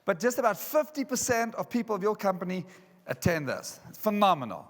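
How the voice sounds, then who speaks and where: A man from South Africa with a South African accent, giving an energetic, jokey motivational talk at a conference. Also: high-pitched, fairly quick. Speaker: keynote speaker. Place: large resort conference hall. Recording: reverberant hall.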